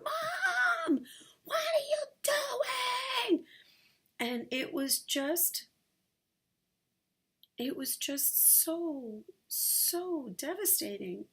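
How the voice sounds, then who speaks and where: A woman vlogging from her sunlit bedroom, sharing a personal story in a candid, halting way with many fillers. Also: mid-range voice.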